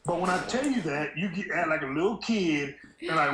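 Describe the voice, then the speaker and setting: A man's voice: on the high side, fairly quick, bright, forceful tone, roomy sound, slight background noise. A man calling in to a live stream, talking bluntly and emphatically and mocking others by imitating them. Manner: blunt, emphatic, mocks opponents in put-on voices. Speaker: caller. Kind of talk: casual phone-in chat.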